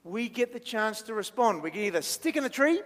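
This man's voice is high-pitched, sing-song, and a bit bright, and he speaks briskly. As a minister leading a playful children's church talk, he jokes around and quizzes the audience while drawing, with a long church-hall reverb on the recording.

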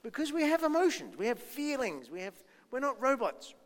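Pastor, male, high voice, friendly children's talk with questions, long church reverb. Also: wildly swooping pitch, brisk. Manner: chatty, self-deprecating, asks the children questions.

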